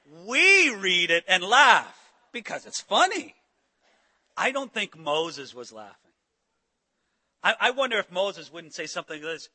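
Male pastor, high voice, lively sermon delivery with dramatized quotes. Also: moderate pace, big-room sound. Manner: animated preaching, acting out biblical voices.

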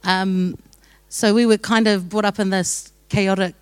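A young woman speaks to a congregation, casual and joking, laughing easily between her thoughts. Her voice sits at a middle pitch and sounds close and dry. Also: fairly even intonation, unhurried, no echo. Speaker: church speaker sharing testimony. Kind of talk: sermon testimony.

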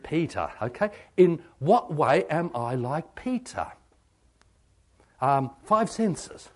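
A man preaching a sermon on meditation, halting with many ums and asking rhetorical questions. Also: fairly high pitch, very animated, a little mellow. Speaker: pastor.

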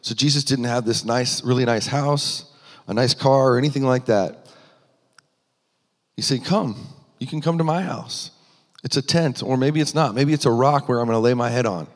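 A man's voice: mid-range voice, moderate pace. Man preaching in a reverberant hall. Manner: earnest, rising with emphasis, frequent restarts. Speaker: pastor. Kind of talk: sermon.

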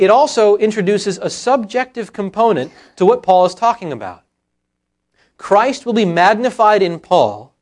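High-voiced man preaching earnestly. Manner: earnest, emphatic preaching that slows on scripture quotes. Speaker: pastor. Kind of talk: sermon. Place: church sanctuary.

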